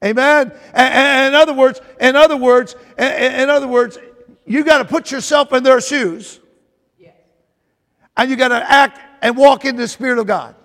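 A man preaching a sermon, often repeating phrases, calling out to his congregation for a response, and rising to shouts at the peaks. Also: very high voice, normal speed. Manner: rises to shouting at climaxes. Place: church sanctuary. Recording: long reverb of a large hall.

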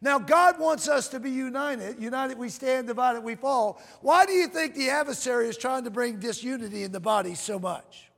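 A male preacher with a strikingly high, gravelly voice delivers a fervent sermon, stretching scripture lines out slowly and calling out to his congregation. the sound carries a long reverb from a church sanctuary. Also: fairly bright tone. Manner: fervent, calls to the congregation, reads scripture in slow drawn-out cadence. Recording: long reverb of a large hall.

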